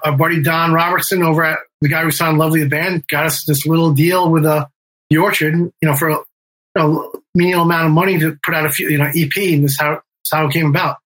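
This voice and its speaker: A middle-aged man tells a story in casual interview talk, circling back with fillers and restarts and swearing freely. His voice is bright and slightly raised in pitch, with a husky edge. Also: low-quality recording. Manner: rambling, many fillers and restarts, swears, acts out quotes. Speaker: guest, band member and music manager.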